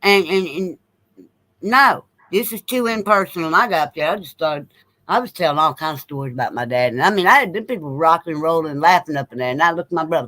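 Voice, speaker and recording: A man's voice: fairly high pitch, lively intonation, fast talker, pushed and bright, no room sound, rough recording. A man telling a long story in casual chat, blunt and repeating himself as he goes. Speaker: co-host.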